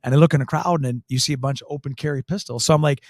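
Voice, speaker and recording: A man's voice: mid-range voice, racing, dry recording, clean studio sound. A man, a county sheriff, telling a story in an interview, emphatic and earnest, repeating key phrases. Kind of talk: storytelling in a talk show interview.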